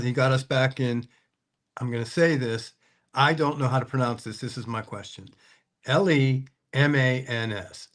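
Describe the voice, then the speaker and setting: A man hosting a casual interview, rambling and hesitant with many fillers. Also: medium pitch. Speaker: host, car dealer.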